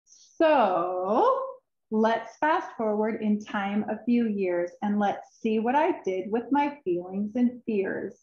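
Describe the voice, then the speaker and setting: A woman reading her own children's book aloud, expressive and emotional, with sighs and drawn-out words. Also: mid-range voice. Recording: roomy, dull recording.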